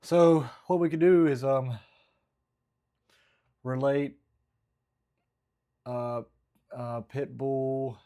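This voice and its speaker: A man in a casual vlog, talking haltingly about his stand-up material and second-guessing his own jokes. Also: medium pitch, fairly even intonation, warm tone, clear, resonant tone. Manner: halting, rambling, self-critical, frequent restarts. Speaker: stand-up comedian.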